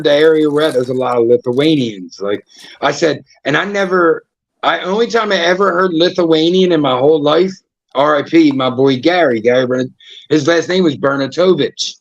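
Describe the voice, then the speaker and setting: A man's voice: fairly high pitch, moderate pace, no room sound, dull audio. An American man co-hosting a casual chat show, joking and slipping into mock accents. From United States. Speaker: podcast co-host.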